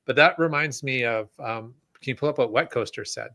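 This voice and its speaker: A man co-hosting a casual podcast, musing out loud with restarts and little chuckles. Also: mid-range voice, a little fast, dry recording. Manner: rambling, chuckles mid-sentence, restarts. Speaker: podcast co-host.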